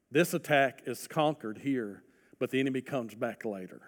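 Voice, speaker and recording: A man preaching a sermon, his voice rising loud for emphasis and sinking to soft, earnest appeals. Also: mid-range voice, moderate pace. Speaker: pastor. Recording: long hall reverb.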